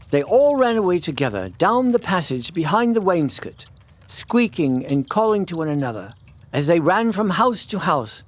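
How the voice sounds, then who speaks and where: A man, a priest, reading a classic children's story aloud in an expressive, melodic way. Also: on the high side. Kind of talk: storybook narration.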